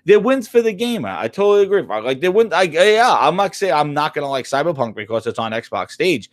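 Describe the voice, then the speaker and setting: A man's voice: a little high, big pitch swings, fairly quick, no echo, clean studio sound. A man hosting a gaming talk show, ranting casually, swearing and rambling with many restarts. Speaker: gaming channel host. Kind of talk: casual opinion rant.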